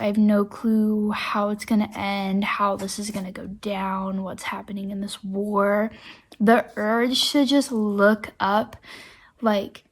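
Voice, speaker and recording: A woman recording a casual reading vlog on her phone, chatty and effusive, filling her talk with "like.". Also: medium pitch. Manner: chatty, heavy use of "like" fillers; emotional and effusive about books. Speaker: book vlogger.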